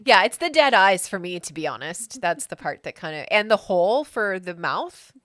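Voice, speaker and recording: Woman game master narrating a tabletop game: animated pitch, chatty, laughs a lot. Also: moderate pace, dry recording, studio quality. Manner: chatty, laughing often, with many fillers.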